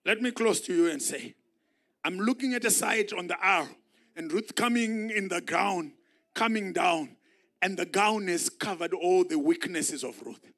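Husky, high-voiced preacher. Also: male voice, moderate pace. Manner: swings from soft musing to shouted climaxes. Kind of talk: sermon. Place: church sanctuary.

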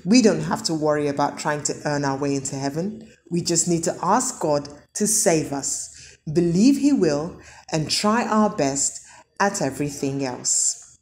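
A woman's voice: low-pitched, animated, a little slow, a little mellow, a little hiss or hum. A woman giving a children's church lesson, asking the kids questions and answering them. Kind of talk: children's sermon.

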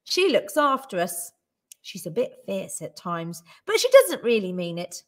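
A woman's voice: medium pitch, big pitch swings, measured pace. A woman voicing a kind, eager young girl in a storybook reading. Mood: reassuring.

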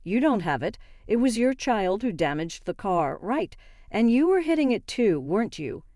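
A woman's voice: mid-range voice, big pitch swings, normal speed, dry recording, studio quality, natural voice. A woman voicing a stern, imposing grown man who speaks sharply and gives orders. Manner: sharp, commanding.

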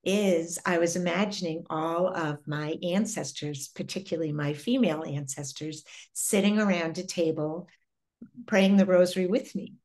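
Her voice sits on the low side and sounds a little mellow. As a middle-aged interview guest, this woman recounts something personal with earnest reflection, stopping at times and starting sentences over.

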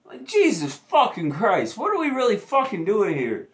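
A man's voice: high voice, huge pitch swings, normal speed. A young man who is a sports YouTuber, mocking and gloating through a profane rant with heavy swearing. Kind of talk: profane ranting sports vlog.

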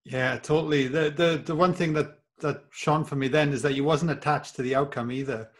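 A man's voice: a little high, fairly even intonation. Affirming Australian man hosting an interview. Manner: warm affirming, halting questions. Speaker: podcast host. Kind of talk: casual interview chat.

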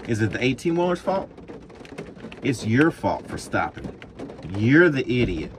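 A man who drives a truck, ranting loudly and with plenty of profanity in a vlog recorded while driving. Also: mid-range voice, measured pace. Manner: heated, profane, animated ranting. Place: truck cab on the road. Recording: noisy truck cab.

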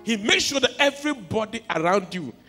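A man preaching a sermon as a pastor, telling stories and swinging from quiet asides to shouts. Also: high voice, animated, fairly quick. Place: church hall. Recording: long hall reverb with faint music.

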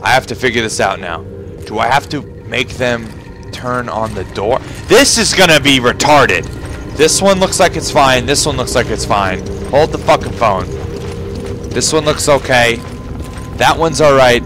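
A man's voice: mid-range voice, a little slow. A man commentating his own gameplay, swearing and sarcastic, muttering to himself through puzzles. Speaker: gamer. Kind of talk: profane let's play commentary. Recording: game music behind. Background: game music.

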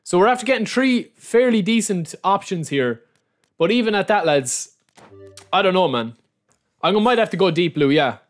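At a moderate pace, a gaming YouTuber from Ireland opens card packs on a live stream, his fairly high voice ranging widely in pitch. Excitable, he addresses viewers directly as lads and repeats the same phrases again and again.

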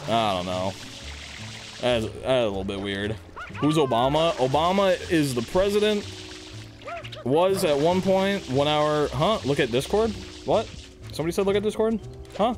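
A young man streaming a video game live, chattering crudely, reading chat aloud and bursting into loud shouts. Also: a little high, lively intonation, normal speed, long pauses, over music. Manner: reads chat aloud and jokes with viewers.

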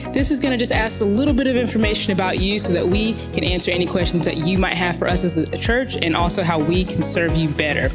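A woman giving friendly, welcoming church announcements. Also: medium pitch. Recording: loud music underneath.

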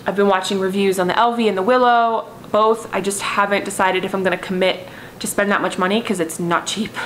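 Woman, thirties, pregnant, chatty, rambling, medium pitch, faint hiss. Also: fairly bright tone, rough recording. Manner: chatty, rambling, frequent "I was like" asides. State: heavily pregnant, has hiccups. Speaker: vlogger. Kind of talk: casual chat to camera.

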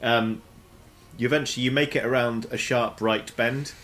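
A man's voice: medium pitch, fairly even intonation, moderate pace, a bit bright. A man running a tabletop game as dungeon master, rambling with many ums and restarts.

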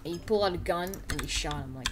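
A woman's voice: sits low, quick pace, heavy background noise. A woman giving goofy, rambling commentary over a sandbox game, making up a story as she plays. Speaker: gameplay commentator. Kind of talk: casual gameplay commentary. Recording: keyboard typing and clicks audible.

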